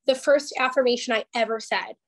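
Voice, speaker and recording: A woman's voice: on the high side, a little fast, a bit bright. A woman, a life coach guest on an interview podcast, telling her story in a candid, emphatic and emotional way, close to tears at times.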